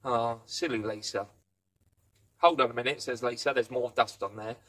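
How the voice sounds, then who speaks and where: A man's voice: mid-range voice, fairly even intonation, moderate pace, pushed and bright. A man giving a casual spoken review, rambling through the plot and playfully acting out quoted lines. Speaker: film and TV reviewer.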